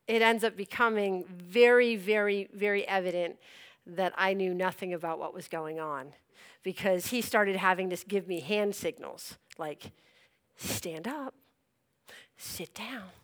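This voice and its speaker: A young woman telling a personal story in an animated way, acting out her own reactions and laughing as she goes. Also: on the high side, smooth.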